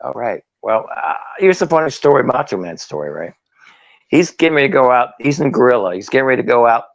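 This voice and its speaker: A man tells stories in an interview, his pitch swinging widely and his tone gravelly with creak. He is animated and laughs often, and he sounds close and dry. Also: fast, dry recording, muffled recording. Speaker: guest, former wrestler. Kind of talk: storytelling interview.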